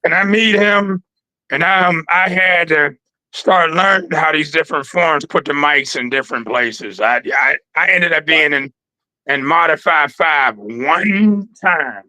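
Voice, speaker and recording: A man in a casual interview, telling stories in an animated, slangy way from his trophy room. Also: on the high side, unhurried, no room sound, low-quality recording. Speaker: guest.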